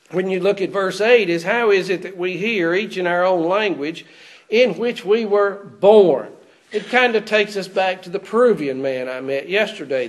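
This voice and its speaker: A male preacher gives an expository sermon at church, going through a Bible passage with his congregation in a raised, fairly high voice. He frequently stops to ask his listeners rhetorical questions.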